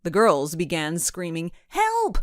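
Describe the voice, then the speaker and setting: A woman narrating a children's mystery audiobook in an expressive storytelling manner. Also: lowish voice, a little slow, no room sound, studio quality.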